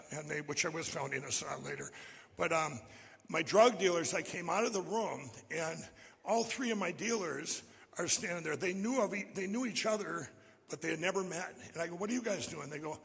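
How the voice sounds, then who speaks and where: A man's voice: high voice, creaky, a bit bright, slightly rough, big-room sound. A man from Minnesota telling a personal testimony to a live audience, rambling, restarting often and acting out what others said. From Minnesota, USA. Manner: restless retelling, with many restarts, that acts out other people's lines. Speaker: speaker giving a personal testimony.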